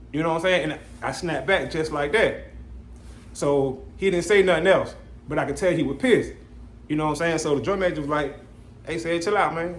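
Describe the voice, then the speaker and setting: A man's voice: fairly high pitch, roomy sound. A young man hosting a podcast, telling a story in casual chat and acting out the people in it. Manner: animated, quotes people in his story, frequent "you know what I'm saying". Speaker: podcast host.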